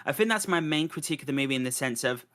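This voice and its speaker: Bright-voiced man rambling through a film review. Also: mid-range voice, animated, rapid-fire. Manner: rambling, with many restarts and fillers. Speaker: podcast host. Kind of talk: casual film review chat.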